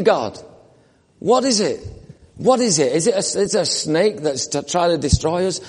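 A man preaching a conversational, animated sermon that acts out the people in the story. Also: high voice, moderate pace, husky, long reverb tail.

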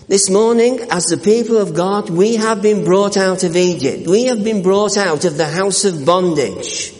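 Male pastor, earnest sermon, slightly high voice, long church-hall reverb. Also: a little mellow. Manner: earnest preaching with repeated words and restarts, slowing for scripture.

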